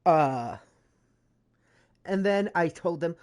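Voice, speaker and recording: A woman's voice: lowish voice, lively intonation, a little slow, long pauses, darkish tone. A woman streamer chatting casually over gameplay, rambling with frequent fillers and self-corrections. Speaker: gaming streamer.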